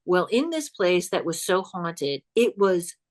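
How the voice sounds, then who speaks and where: A woman guesting on a podcast as a psychic comedian, telling a spooky story in an animated, chatty way and laughing as she goes. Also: fairly low pitch, a little slow. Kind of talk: casual storytelling chat.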